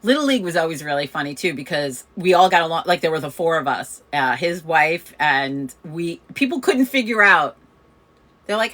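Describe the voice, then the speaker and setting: A woman's voice: sits low, moderate pace. A woman, chatting casually as host and telling a story, laughing often and acting out the people she quotes. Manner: chatty, laughs often, animated quoting of others. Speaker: host of a community coffee chat.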